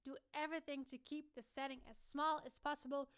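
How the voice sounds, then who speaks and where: A woman's voice: high voice, little pitch movement, a little fast, fairly bright tone, dry recording. A young woman, teaching a singing lesson and stopping to demonstrate sounds herself. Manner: demonstrative, switching between explaining and sung or spoken examples. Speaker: vocal coach.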